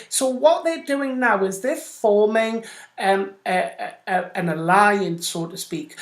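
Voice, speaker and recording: Woman radio host, mid-range voice, casual and rambling, echoey room sound. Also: mid-range voice. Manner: rambling, chatty, addresses listeners directly. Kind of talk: casual explanatory talk. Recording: roomy echo.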